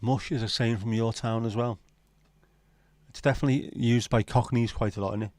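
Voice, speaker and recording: A man's voice: mid-range voice, fairly even intonation, fairly quick, darkish tone, dry recording. A man hosting a casual livestream, rambling and joking with viewers and swearing casually. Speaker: livestream host. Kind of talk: casual chat reading viewer comments.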